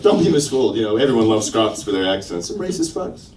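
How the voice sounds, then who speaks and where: A man's voice: lowish voice, sing-song, fast talker, a crowd in the background. A man doing a stand-up comedy set, crude and mocking, trying out silly accents. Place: comedy club stage. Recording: roomy club sound from a distant mic. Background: audience laughing.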